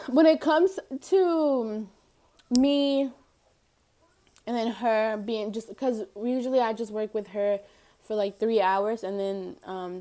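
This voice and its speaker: A woman's voice: a little high, dark tone. A young woman vlogger telling a casual storytime, rambling with lots of fillers and giggling between thoughts.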